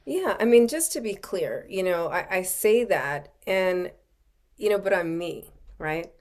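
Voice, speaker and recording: A middle-aged woman, a coach and author, appears as a podcast guest in a casual interview chat. Her lowish, darkish voice is expressive and a little slow, and she keeps slipping in "you know" and "right."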